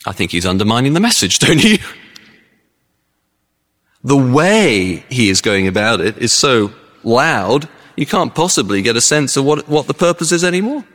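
A male preacher delivers a sermon conversationally. He tells lively stories, and his pitch rises and falls widely. The voice sits mid-range, and a long reverb rings around it as in a large hall. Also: moderate pace. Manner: conversational, animated storytelling with acted-out voices.

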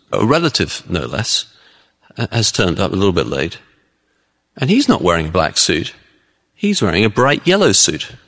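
A man preaching a sermon in a chatty, animated way, telling stories to make his points. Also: on the low side, in a large hall. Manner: conversational, animated storytelling with acted-out voices.

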